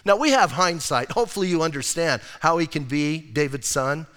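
A man's voice: on the high side, animated, moderate pace, fairly bright tone, long reverb tail. A man preaching a sermon as pastor, in a casual, conversational way, acting out quotes as he goes.

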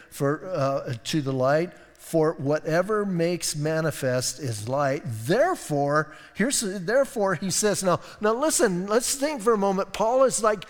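Enthusiastic male pastor, high voice, casual and animated, long hall reverb. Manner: animated, conversational, enthusiastic preaching. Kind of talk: sermon. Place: church sanctuary.

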